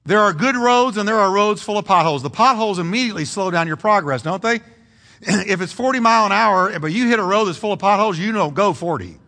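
A middle-aged man preaches a sermon with a lively, swooping delivery and a bright, forceful tone. He keeps putting questions to his congregation. His voice rings through a church hall with a long echo. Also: on the high side. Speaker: pastor. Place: church sanctuary.

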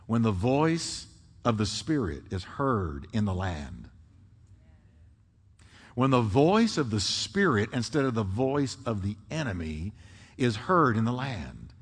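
A man preaching a sermon, swinging between booming emphasis and hushed, drawn-out phrases. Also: breathy edge. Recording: long hall reverb.

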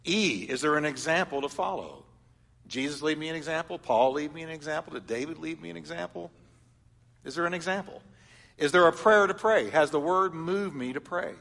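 A man preaching as a pastor, animated, swinging between loud exhortation and soft, quiet reflection. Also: fairly high pitch, creaky. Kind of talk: sermon teaching. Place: church hall. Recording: long hall reverb.

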